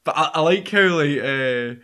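Bright, excitable man on a podcast. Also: a little high, moderate pace. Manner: laughs often, rambling and excitable. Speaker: film podcast co-host. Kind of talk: casual film chat.

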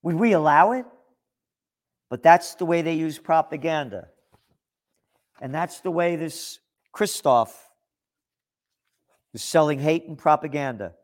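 A man's voice: a little high, a little slow, pauses often. A man delivering an opinion monologue, reading out news articles and rebutting them in a sarcastic, indignant tone. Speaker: political commentator.

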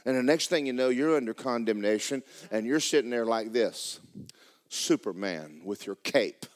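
A man preaching a sermon as pastor in a church, emphatic and repetitive, breaking into fervent shouted prayer. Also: mid-range voice, lively intonation, normal speed.

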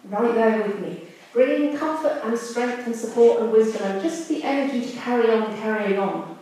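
A woman's voice: on the high side, moderate pace, dark tone. A woman preaching a sermon in a candid, conversational way. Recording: echoey room, distant mic.

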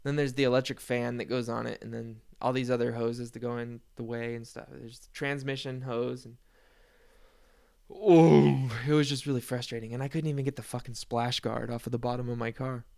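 A man's voice: medium pitch, flat delivery, quick pace, gravelly, hardly any pauses. A man telling a long, rambling story in a casual monologue, swearing freely and laughing at himself. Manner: rambling, profane, self-deprecating storytelling with laughs.

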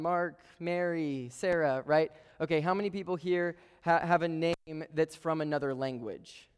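Guy giving a sermon in a church, smooth clear voice, kinda playful, lots of echo from the hall. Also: a little high. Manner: conversational, playful asides to the congregation. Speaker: preacher. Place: church sanctuary with a live congregation. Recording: long reverb of a large hall.

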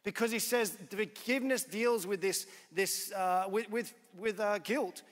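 High-voiced pastor. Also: male voice, unhurried, a bit bright. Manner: casual storytelling with many fillers and restarts. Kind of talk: sermon. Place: church hall. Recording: long hall reverb.

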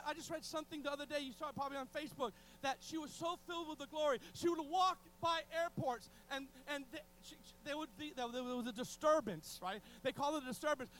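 A male preacher delivering a passionate sermon, often restarting phrases and swinging from loud bursts to hushed tones. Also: extremely high pitch, slight background noise, low-quality recording.

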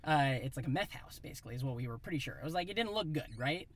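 A man in his thirties from Iowa, telling a rambling, animated story in a casual chat. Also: a little high, very fast. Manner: animated, rambling, acts out voices in quotes.

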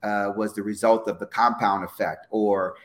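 A middle-aged former football player talking on a podcast in a relaxed, reflective way. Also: male voice, lowish voice, normal speed. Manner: reflective, lots of fillers and restarts. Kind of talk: casual podcast conversation.

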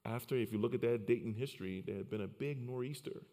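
A Liberian man in his forties tells his personal story earnestly, often repeating words as he begins a thought. He talks fast in a warm, medium-pitched voice, and the recording has a long hall reverb.

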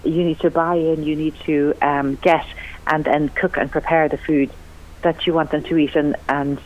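A woman's voice: low voice, moderate pace. Chatty woman cook on lo-fi radio. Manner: chatty, enthusiastic, lively rising emphasis. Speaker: cookery writer and TV cook, guest. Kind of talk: radio interview chat. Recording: lo-fi radio broadcast.

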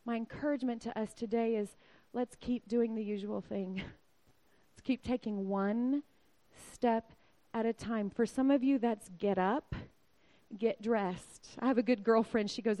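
A woman in her forties preaches with a lively, animated delivery. Her fairly high voice climbs into loud, excited outbursts, then drops to soft, almost whispered lines. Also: a little slow. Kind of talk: sermon.

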